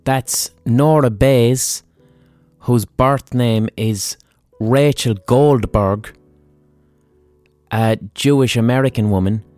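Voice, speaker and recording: A man's voice: medium pitch, takes it slowly, long pauses, darkish tone, soft background music. A man with an Irish accent hosting a casual history podcast, talking bluntly with swearing, ums and asides. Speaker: podcast host.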